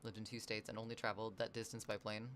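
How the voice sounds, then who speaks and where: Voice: medium pitch, level tone, fast talker, a bit bright, a little hiss or hum. A livestreamer from the US Northwest who chats casually with viewers, reads chat messages aloud, rambles and swears now and then.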